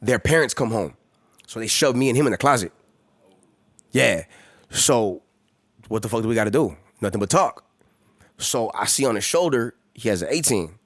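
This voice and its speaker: A man's voice: mid-range voice, expressive, moderate pace, pauses often, a bit bright, no room sound, clean studio sound. A man from the Los Angeles area, a podcast guest telling stories in a casual way with lots of profane street slang. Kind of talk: casual storytelling.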